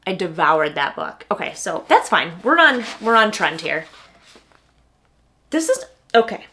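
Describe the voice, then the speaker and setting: A woman's voice: mid-range voice, very animated, a little slow, pushed and bright. Gushing chatty woman booktuber. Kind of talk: casual unboxing chat.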